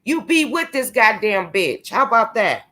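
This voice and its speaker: A woman's voice: on the high side, sing-song, moderate pace, pushed and bright. A young woman vlogging a confrontational, profane rant, taunting and cursing at someone she calls out. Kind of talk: angry profane rant to camera.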